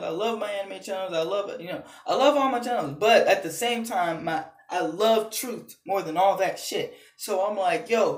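A man's voice: high-pitched, roomy sound. A man ranting heatedly into his phone camera, swearing often and repeating himself. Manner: heated, profane, repetitive. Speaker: channel host. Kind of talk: angry ranting vlog.

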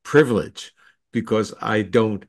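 A man, a scientist guest in an interview, explaining ideas in a steady lecturing manner with occasional restarts. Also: fairly low pitch, a little slow, no echo, studio quality.

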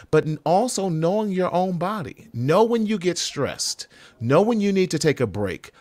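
A man's voice: medium pitch, no room sound. A man hosting a live panel discussion, giving earnest, emphatic advice about stress and self-care.

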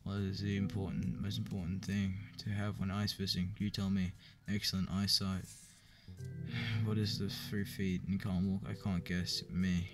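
A man reading a joke book aloud in a flat, weary way, with profane asides. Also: low voice, normal speed. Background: clear background music.

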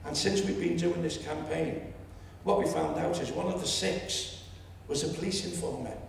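A man in his seventies with a Liverpool accent, telling a story at a public meeting and rising to loud indignation. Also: a little high, moderate pace, creaky, slight background noise. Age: 70s. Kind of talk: impassioned public speech. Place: lecture hall. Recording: echoey hall, distant mic.

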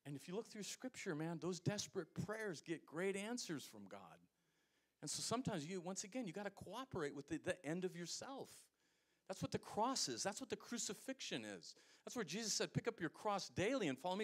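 A man preaching a sermon as pastor, with an American accent, swinging between loud emphatic lines and quiet low asides. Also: sing-song, fairly quick, husky.

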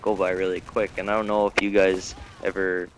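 Laid-back 18-year-old guy, low voice. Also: level tone, fairly quick. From Canada. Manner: laid-back, many ums and uhs. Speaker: gaming commentator. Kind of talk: casual gameplay commentary. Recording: gunfire noise from game audio.

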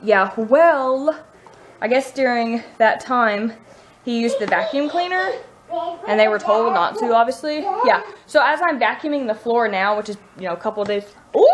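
Chatty Southern mom with a higher voice. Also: female voice, big pitch swings, measured pace. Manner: rambling, chatty, laughs often. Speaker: mom vlogger. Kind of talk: casual chat. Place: living room at home.

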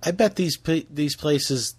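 A man's voice: a little high, unhurried, a little mellow, breathy edge. Stammering man in casual podcast chat. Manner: stammering, blunt, swears.

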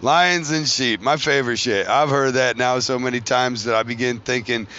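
Bright-voiced man rambling jokingly. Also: mid-range voice, normal speed. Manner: joking, profane, wanders between tangents. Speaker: podcast host. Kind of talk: casual rambling monologue. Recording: dull lo-fi recording.

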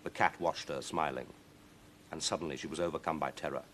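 A man reading a children's story aloud in a lively, expressive way. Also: rumbling low, fairly quick, slight background noise.

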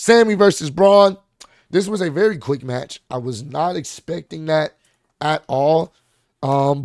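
Gravelly man recapping wrestling. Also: fairly high pitch, no room sound, clean studio sound. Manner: excited, rambling with fillers and restarts. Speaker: wrestling show reviewer. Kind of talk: casual recap commentary.

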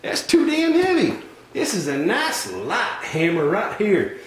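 A man's voice: high-pitched, wildly swooping pitch, a little slow, roomy sound, voice pushed up, full character voice. A man doing a cocky hardware salesman. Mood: pushy. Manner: drawling, condescending, boastful. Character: pushy folksy male hardware salesman, overconfident.

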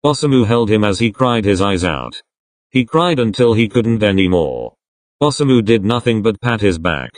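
A man narrating a fan-written texting story in a plain, even storytelling way. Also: fairly low pitch, normal speed, no echo.

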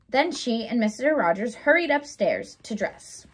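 A young woman reading a children's story aloud in an expressive, animated way. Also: on the high side, moderate pace, husky. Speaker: storybook reader.

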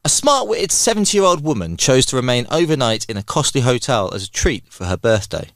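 Lively man, animated chatter. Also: mid-range voice, brisk, no echo, studio quality. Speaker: podcast guest. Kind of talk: casual chat and joke reading.

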